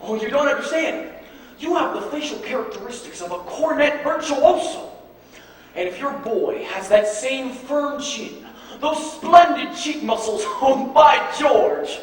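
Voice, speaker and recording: A man playing a smooth-talking traveling salesman posing as a professor, with fast, flattering patter in a stage musical. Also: extremely high pitch. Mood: glib. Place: theater stage. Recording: echoey hall, miked from far off with music.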